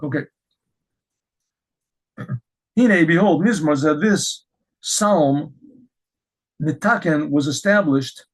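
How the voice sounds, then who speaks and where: A middle-aged man teaching a Torah lesson as a rabbi, telling stories with lively restarts and repeated words. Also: fairly high pitch, breathy edge, poor audio. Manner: animated storytelling with frequent restarts.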